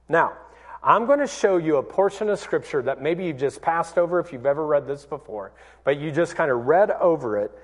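An animated preaching man, slow and high. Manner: animated storytelling, acts out quoted voices. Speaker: pastor. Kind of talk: sermon. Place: church.

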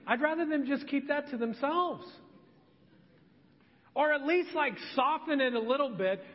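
A man's voice: extremely high pitch, in a large hall, lo-fi sound. A man preaching a sermon as pastor, talking in a conversational, self-deprecating way and telling stories. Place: church sanctuary.

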